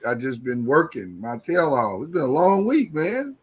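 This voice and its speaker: Animated high-voiced man ranting. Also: normal speed, husky, low-quality recording. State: tired. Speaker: podcast co-host. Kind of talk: casual chat.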